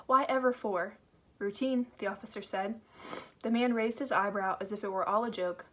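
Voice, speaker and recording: Woman reading a chapter book out loud, earnest and steady. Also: medium pitch. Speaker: audiobook reader. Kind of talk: first-person novel narration.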